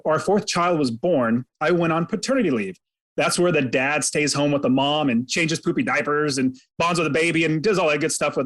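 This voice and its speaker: A man with a fairly high voice tells a personal story as a podcast guest. He is earnest and dramatic, and he pulls the listener along by recounting events in the present tense. His telling carries a sincere, faith-minded tone. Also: a bit bright. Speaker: podcast guest, real estate investor.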